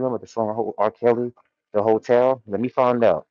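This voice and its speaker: A man's voice: mid-range voice, steady tone, a little fast, no echo, highs cut off. A man hosting a casual livestream, talking in loose, slang-heavy commentary and reading chat from a warehouse. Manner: loose, laid-back slang-heavy commentary with frequent laughs. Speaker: livestream host.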